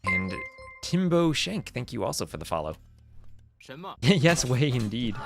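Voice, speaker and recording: A man's voice: mid-range voice, very animated, measured pace, gravelly, pauses often. A young man from New Jersey with a New Jersey accent, casting a strategy game live and chatting with viewers between plays. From New Jersey, USA. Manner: chatty, answers chat between play calls, laughs often. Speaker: game caster. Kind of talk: live-stream game commentary. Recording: game music behind the voice. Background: game music.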